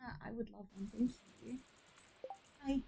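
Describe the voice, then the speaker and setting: A woman's voice: on the high side, a little slow, vocal fry, warm tone, a little hiss or hum, rough recording. A young woman streaming a farming game, chatting affectionately with viewers and calling them "lovely" and "darling". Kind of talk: casual live-stream chat.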